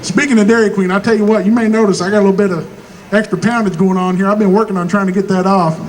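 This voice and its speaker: A man with a Southern rural American accent telling stand-up jokes in a folksy hillbilly drawl, acting out both sides of each exchange and landing punchlines deadpan. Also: high-pitched, fast, poor audio. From Missouri. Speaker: stand-up comedian. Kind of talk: stand-up comedy storytelling.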